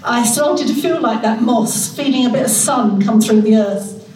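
A woman's voice: a little high, moderate pace, a little mellow. A woman in her sixties with a nasal North London accent, a guest author chatting frankly and reading from her memoir in a self-mocking way. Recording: long hall reverb.

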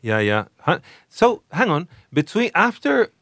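A man's voice: sits high, wildly swooping pitch, measured pace, fairly bright tone, no echo, clean studio sound. A man co-hosting a casual music chat, enthusiastic and rambling, with many restarts. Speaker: podcast co-host.

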